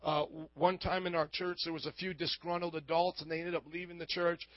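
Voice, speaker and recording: A man's voice: fairly high pitch, level tone, fairly quick, dry recording, muffled recording. A male pastor preaching a sermon, emphatic and calling out to the congregation for responses.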